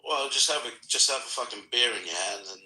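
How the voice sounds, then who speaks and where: A man's voice: medium pitch, fast talker, bright, forceful tone, roomy sound, low-quality recording. A man in casual podcast chat who eggs others on with short remarks.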